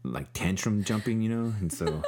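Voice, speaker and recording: A man's voice: on the low side, lively intonation, normal speed, darkish tone. A man co-hosting a podcast in casual chat, laid-back and rambling with many fillers.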